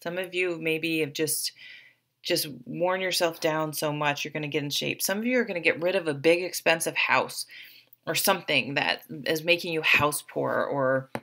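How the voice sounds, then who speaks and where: At a moderate pace, a woman with a low-pitched, pushed and bright voice gives her viewers an encouraging tarot reading to camera. She chats casually and uses lots of fillers.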